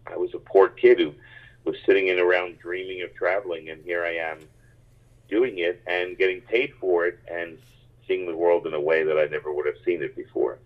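A man who grew up in the United States, a stand-up comedian telling rambling, animated stories in a casual interview. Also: deep voice, normal speed. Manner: animated, rambling anecdotes with many restarts. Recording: tinny phone-like line.

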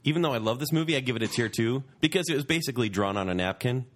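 A man in his thirties co-hosting a casual podcast, playful and quick to laugh. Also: lively intonation, a bit bright. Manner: playful, laughing, swoops in pitch. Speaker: podcast co-host. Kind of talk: casual banter ranking films.

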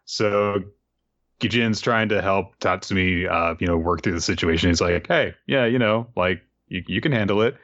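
A man casually recapping an anime episode as a podcast co-host, rambling with fillers and quick asides. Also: on the low side, a bit bright, no room sound, muffled recording. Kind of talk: casual chat.

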